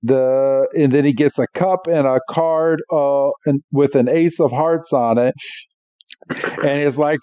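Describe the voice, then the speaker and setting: Podcast co-host, male, higher-pitched and mellow, animated recap storyteller who voices characters; dull, dry recording. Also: no room sound. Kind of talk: casual chat recap.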